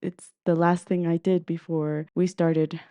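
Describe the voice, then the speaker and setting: A woman's voice: lowish voice, little pitch movement, a little slow, mellow, no echo, highs cut off. A woman podcast host telling a personal story in an earnest, emotive, heartfelt way.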